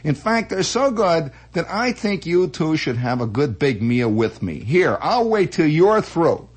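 A man voicing a tough gunman who speaks with slow, mock-polite menace. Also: on the high side, very animated, breathy edge, full character voice. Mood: menacing.

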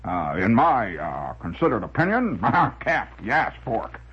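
A man's voice: on the low side, huge pitch swings, slow, breathy edge, pitched below the performer's own voice, full character voice. A man voicing a pompous, harrumphing windbag from a comic strip, barking out grunts and lofty agreements. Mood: blustering. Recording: dull lo-fi radio recording.

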